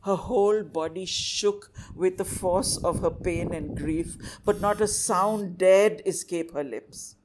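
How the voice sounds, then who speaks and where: A woman telling a story dramatically and with measured delivery. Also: on the low side, noisy background. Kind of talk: oral storytelling performance.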